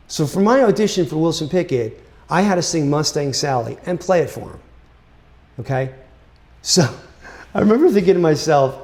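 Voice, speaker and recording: A man telling a story about his music career in a casual, animated way, full of fillers like "right?" and "you know". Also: fairly high pitch, moderate pace, creaky. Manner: animated, chatty, with many fillers.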